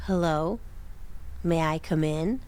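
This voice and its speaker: A woman voicing an eerie creature that mimics a man's voice, asking the same questions over and over in a slightly low, quiet tone. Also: slow pace, smooth. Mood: flat. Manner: repetitive, insistent questioning. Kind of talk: storytelling reading aloud.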